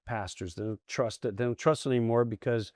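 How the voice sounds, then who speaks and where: A middle-aged man, a comedian guest, telling candid stories in an interview, animated and acting out the voices of people he quotes. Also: medium pitch, brisk, dry recording, studio quality. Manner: animated, acts out quoted voices, restarts often.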